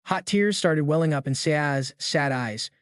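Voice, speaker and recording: A man narrating a comic recap in a brisk, slangy storytelling manner. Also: fairly high pitch, lively intonation, no room sound, studio quality.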